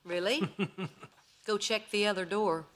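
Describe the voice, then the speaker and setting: Sarcastic sitcom woman over loud hiss. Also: medium pitch, fairly even intonation, slow. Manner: sarcastic, wisecracking. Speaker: sitcom lead character. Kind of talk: sitcom acting.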